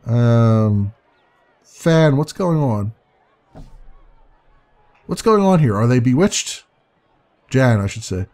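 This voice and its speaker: A man's voice: medium pitch, animated, takes it slowly, pauses often, warm tone, a faint crowd. A man reading a text adventure aloud and musing over his choices, hesitant and chuckling now and then. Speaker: let's play narrator.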